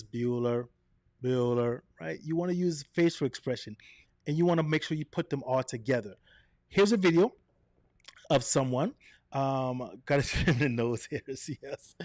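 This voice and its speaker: A man presenting a live online coaching session, energetic and direct, swinging his voice up and down and checking in with "right?" and "okay?". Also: a little high, no room sound, clean studio sound. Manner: energetic, varies his voice up and down, quick asides. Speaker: presenter of a live video workshop.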